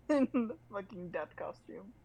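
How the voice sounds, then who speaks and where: A woman's voice: medium pitch, lively intonation, measured pace, warm tone, rough recording. A woman co-hosting a casual review chat, giggly, mostly giving short replies. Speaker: podcast co-host.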